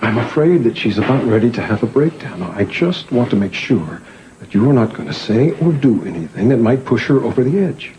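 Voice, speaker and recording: Actor as protective father, lively pitch, soothing and insistent, noisy TV soundtrack. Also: fairly quick, close to an everyday voice. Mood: worried. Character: worried protective older father. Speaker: actor in a TV soap opera. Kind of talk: 1980s TV soap acting.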